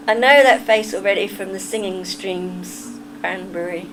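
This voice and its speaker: A woman's voice: medium pitch, takes it slowly, background noise. Giggly English woman chatting with her stream. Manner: giggly and self-deprecating, laughs often. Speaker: livestreamer reading chat. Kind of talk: casual livestream chat.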